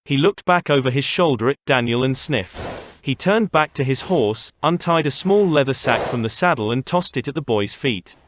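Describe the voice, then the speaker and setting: A man reading an audiobook as its narrator, in a steady storytelling manner. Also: mid-range voice, moderate pace, background noise. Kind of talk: scripted narration.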